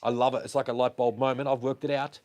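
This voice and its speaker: A livestream host walks down a hallway through his house, rambling casually and swearing while he fiddles with gear on a wireless mic. His voice is medium in pitch and somewhat dark, with a level tone and a fast delivery.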